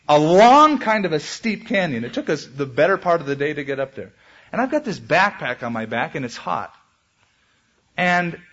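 Male preacher, slightly high and husky, delivering an animated sermon. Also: lo-fi sound. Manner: animated preaching with dramatic pitch swings. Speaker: pastor.

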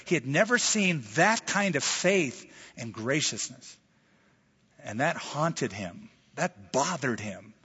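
Man, American, pastor, sermon, animated storytelling, husky, muffled hall recording with long reverb. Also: fairly high pitch, measured pace. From United States. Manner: animated storytelling preacher, acting out quoted voices. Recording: dull, reverberant hall sound.

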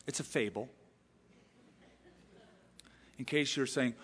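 Male pastor, sermon, conversational with rhetorical questions. Slightly high voice, long hall reverb. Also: big pitch swings, a little slow, a bit bright.

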